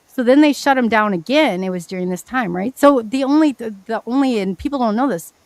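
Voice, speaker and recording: A woman guest telling her story in a casual, animated, rambling way, often restarting her sentences. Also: on the high side, fairly quick, dry recording. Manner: animated, rambling, frequent restarts and self-corrections.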